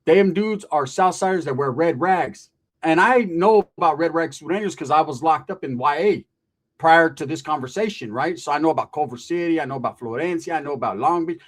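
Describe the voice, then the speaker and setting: A man's voice: on the high side, fairly quick. Slangy, profane man telling a story. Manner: profane street slang, animated, quotes people often. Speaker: podcast guest telling a story. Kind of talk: casual storytelling.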